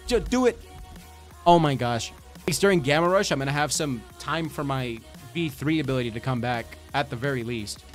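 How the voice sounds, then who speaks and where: A young man giving excitable commentary over his own gameplay, talking to the enemy and exclaiming as he plays. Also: on the high side. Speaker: gaming YouTuber.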